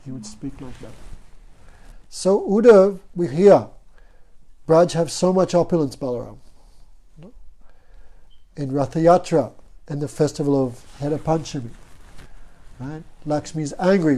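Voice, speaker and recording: A man's voice: fairly high pitch, expressive, unhurried, pauses often, dark tone. A man teaching a devotional class in a storytelling way, often asking his listeners "no?". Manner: storytelling, asks the audience "no?" often. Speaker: spiritual teacher.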